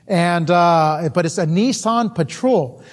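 A man's voice: high voice, takes it slowly. A middle-aged man preaching a sermon, telling folksy stories about himself and laughing at his own mishaps. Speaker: missionary preacher.

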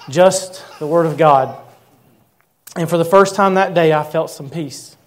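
A man in his thirties preaching a sermon, telling a personal story earnestly and slowing down to stress key words. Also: a little high. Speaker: pastor.

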